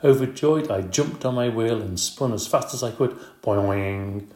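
A man reading a children's storybook aloud in an expressive, brisk way. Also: medium pitch. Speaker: audiobook narrator. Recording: roomy echo.

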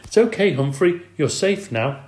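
A man's voice: sits high, animated, moderate pace, echoey room, voice pushed up. A man reading an audiobook, voicing an eager, helpful young schoolboy who explains things keenly. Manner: bright, keen, explaining.

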